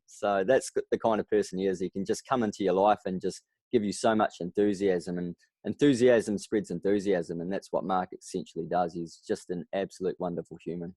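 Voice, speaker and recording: A New Zealand man with a deep, low-pitched voice talks as a guest on a podcast. He tells his story in an animated way, acting out other people's lines as he goes. The sound is dry and close. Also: fairly quick, few pauses, no room sound. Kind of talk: casual interview.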